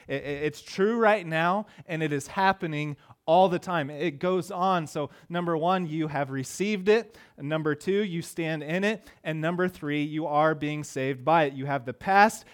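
A middle-aged pastor preaches in a loose, conversational manner. His voice sits a bit high, and he often stumbles and repeats words as he starts a phrase. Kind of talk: sermon.

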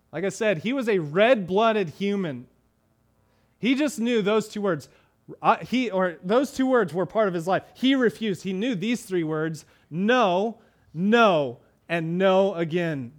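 High-voiced man preaching a conversational sermon. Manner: conversational preaching with rhetorical questions to the congregation; acts out little voices and drops low for emphasis.

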